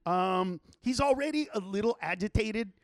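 Man, casual chat, animated storyteller, high voice, very dry recording. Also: normal speed, no room sound. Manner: animated, profane storytelling with acted quotes.

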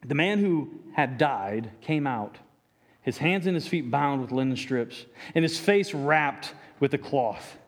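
A man's voice: medium pitch, expressive, unhurried. A man preaching a sermon with earnest, stammering restarts, acting out the quoted lines. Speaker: pastor. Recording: echoey hall reverb.

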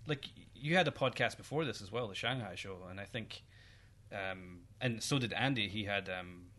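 A man co-hosting a podcast in casual chat, chatty and quick to laugh. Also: fairly low pitch, pushed and bright. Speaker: podcast co-host.

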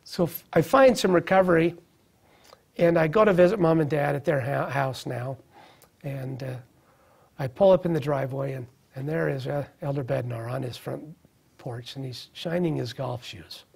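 A man's voice: fairly high pitch, moderate pace, gravelly, a little mellow, husky. A man in his thirties sharing a personal recovery testimony in an interview, earnest and reflective, often restarting his sentences. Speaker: guest sharing recovery story.

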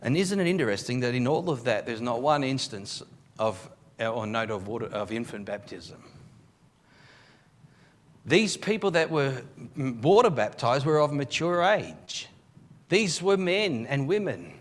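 A man, a pastor preaching a live sermon in church, telling the story with emphatic, animated delivery and frequent restarts. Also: medium pitch, a little slow. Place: church service.

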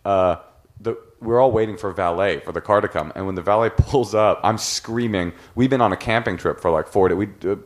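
Animated man telling a wild story. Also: fairly low pitch, a little fast. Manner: animated storyteller, bursts into shouted impressions. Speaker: podcast guest, film director. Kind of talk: casual storytelling chat.

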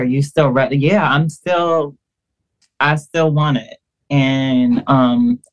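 A woman guest on a podcast, telling a personal story in a casual, animated way, acting out quoted dialogue and using lots of fillers. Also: low-pitched.

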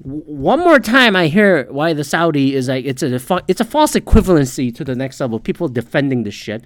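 A man's voice: a little high, sing-song, a little fast, dry recording, clean studio sound. A man hosting a podcast, ranting heatedly in casual solo commentary and swearing often. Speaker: podcast host.

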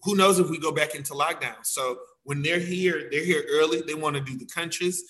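A man's voice: on the high side, brisk, fairly bright tone, low-quality recording. A man, a dance teacher, talking casually and acting out quotes of himself and others. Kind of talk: casual conversation.

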